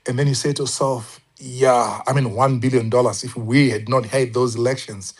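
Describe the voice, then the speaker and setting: A man's voice: medium pitch, steady tone, normal speed, breathy edge. A man speaking on a casual online panel, thoughtful and hesitant, with many fillers and restarts. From Zimbabwe. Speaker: panel guest.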